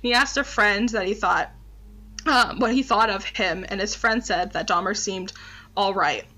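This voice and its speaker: A woman's voice: medium pitch, moderate pace, sharp tone, low-quality recording. A woman co-hosting a casual true-crime chat, reading case notes with fillers and the odd laugh. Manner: laughs between points, fillers like um. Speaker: podcast co-host.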